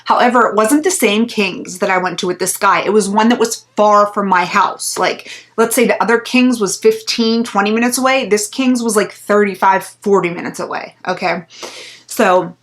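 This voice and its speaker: A woman's voice: mid-range voice, moderate pace, fairly bright tone. A woman vlogger telling a story in a casual, chatty way, full of fillers and little laughs.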